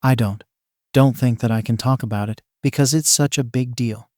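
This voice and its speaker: A frightened young woman close to tears, voiced with little change from a man's ordinary reading voice. The male reader voices her. His pitch stays mid-range and the sound is dry and close. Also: steady tone, moderate pace, darkish tone, dry recording, close to an everyday voice. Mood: anxious. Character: anxious tearful young woman civilian.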